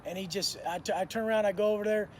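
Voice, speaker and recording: High-voiced guy in his 30s telling stories, swears a lot, street slang, slight noise behind. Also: steady tone, rapid-fire. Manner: blunt, profane, streetwise talk with slang. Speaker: former prisoner telling stories. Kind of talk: casual storytelling to camera.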